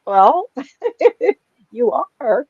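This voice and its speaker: A woman's voice: high-pitched, extremely slow, breathy edge, no echo. A middle-aged woman, a psychic medium, telling stories in a casual chat and acting out the voices of people she quotes. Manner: animated storyteller, acts out quoted voices. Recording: dull lo-fi sound.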